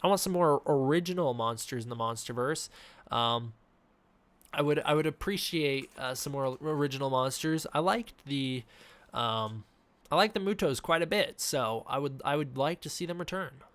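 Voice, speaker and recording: A young man talks loosely on a home live stream, reading chat questions aloud between fillers. His voice sits at an ordinary pitch, close and dry on a desk mic. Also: moderate pace, fairly bright tone, no room sound. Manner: casual, reads chat questions, frequent fillers. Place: indoors at home. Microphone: desk mic with face cam.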